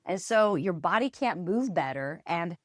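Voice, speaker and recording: A woman with a somewhat low voice co-hosts a health chat, explaining calmly and encouragingly. The sound is dry and close. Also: unhurried, no echo. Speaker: physical therapy podcast host.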